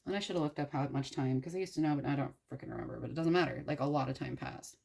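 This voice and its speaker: Low husky woman telling a story casually. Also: very fast, a little mellow. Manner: irreverent, profane, rambling with many fillers. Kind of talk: casual storytelling while crafting.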